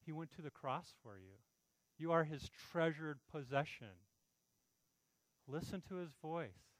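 Male pastor, earnest conversational sermon delivery, fairly high voice, dry recording. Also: no room sound, poor audio. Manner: earnest, pleading, conversational preaching with frequent "right?" asides.

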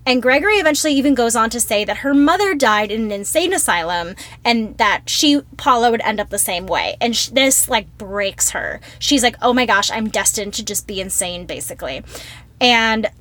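Woman gabbing through a movie plot, kinda high voice, doing little voices for everyone. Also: normal speed. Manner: animated storyteller, acts out quotes. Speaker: podcast co-host. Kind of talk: casual chat retelling a film plot.

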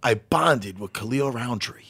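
A man hosting a casual talk show, animated and jokey, swearing freely. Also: medium pitch, measured pace, vocal fry, slightly rough. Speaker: podcast host. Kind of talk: casual chat.

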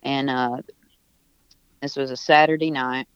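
Smooth-voiced man telling a rambling story. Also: mid-range voice, level tone, unhurried, a bit bright, no room sound, lo-fi sound. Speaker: musician guest. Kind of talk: casual remote interview. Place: at home.

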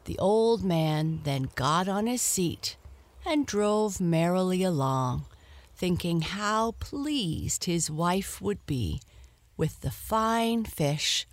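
A woman reading a children's story aloud in an expressive, animated way. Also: on the low side, no echo.

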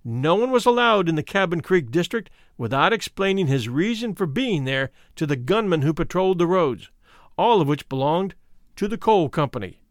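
A man's voice: a little high, sing-song, moderate pace, no room sound, studio quality. Man reading a memoir aloud. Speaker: narrator. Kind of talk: audiobook narration of a memoir.

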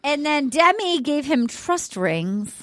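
A high-voiced woman recaps a dating show in a casual podcast chat. She slips into quick put-on voices for the people she quotes. The recording is dry and close. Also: sing-song, no echo. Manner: chatty, acts out quotes in shifting voices.

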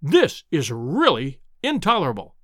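A man voicing a strict, acid-tongued male lecturer who speaks slowly and emphatically in an audiobook reading. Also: fairly high pitch, expressive, fairly bright tone, no echo, studio quality. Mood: exasperated. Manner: slow and emphatic when he repeats himself. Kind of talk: audiobook character voice.

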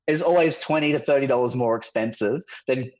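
A man chats on a podcast in a relaxed, storytelling way. His voice sits at an ordinary middle pitch, and he swears now and then. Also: fast, dull audio. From New Zealand. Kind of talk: casual podcast chat.

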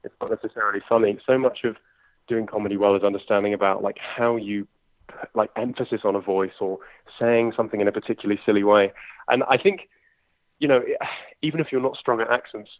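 A man's voice: lowish voice, fairly even intonation, no echo. A man in his twenties with a London accent, an impressionist and comedian talking in a chatty interview, full of fillers. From England. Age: 20s. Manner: quick, chatty, lots of fillers. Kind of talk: conversational interview. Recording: tinny phone line, dry.

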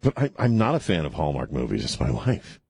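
A man's voice: a bass voice, wildly swooping pitch, a little fast, creaky, a little mellow, breathy edge, dry recording, clean studio sound. A middle-aged man hosting a call-in radio show, rambling and sarcastic as he restarts his sentences. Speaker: radio talk show host. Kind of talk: casual talk radio monologue. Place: radio studio.

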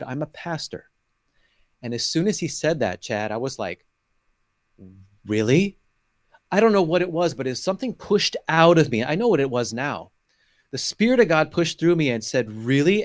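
A man's voice: mid-range voice, no echo, studio quality. A middle-aged man, a guest in an interview, earnestly telling his personal faith testimony with emotion and acting out his past conversations.

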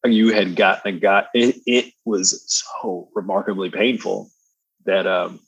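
A man with a baritone voice chatting as a podcast guest, slangy and laid-back, laughing often. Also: fairly even intonation, a little slow, breathy edge, dry recording, poor audio. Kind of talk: casual conversational storytelling.

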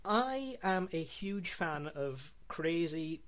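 A man's voice: on the high side, very animated, slow pace, crowd noise. Enthusiastic male podcast guest. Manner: enthusiastic with frequent ums and restarts. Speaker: guest co-host. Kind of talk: casual podcast discussion.

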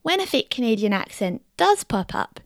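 A woman narrating as presenter, with a clear, lightly wry delivery. Her pitch moves about a lot and has a gravelly edge. The recording is a dry, close voice-over. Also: sing-song, normal speed, no room sound. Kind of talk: scripted narration.

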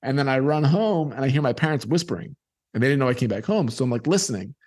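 A man's voice: mid-range voice, quick pace. Man telling a childhood story. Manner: animated storyteller acting out voices of people in his story. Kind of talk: personal storytelling.

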